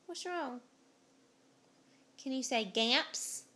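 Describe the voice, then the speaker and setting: A young mother at home on a home video, gently coaxing her toddler with repeated simple questions. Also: high-pitched, expressive, drawn-out words.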